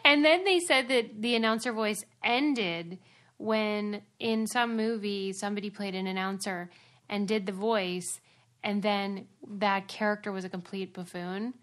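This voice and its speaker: A woman co-hosting a podcast in a casual chat, animated, quick to laugh and easily annoyed. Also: medium pitch. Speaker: podcast co-host.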